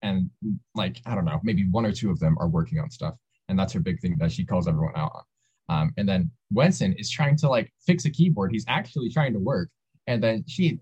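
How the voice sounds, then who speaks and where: A man's voice: low voice, a little fast, darkish tone, breathy edge, dry recording, highs cut off. A young man chatting casually, rambling with lots of hesitations. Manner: rambling, hesitant, full of fillers. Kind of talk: casual chat.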